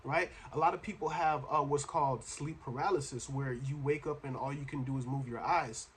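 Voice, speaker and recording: A man's voice: mid-range voice, fairly even intonation, moderate pace, a bit bright, a little hiss or hum. Slangy, preachy male reaction host. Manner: preachy, slangy, addresses listener as bro. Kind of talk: casual commentary.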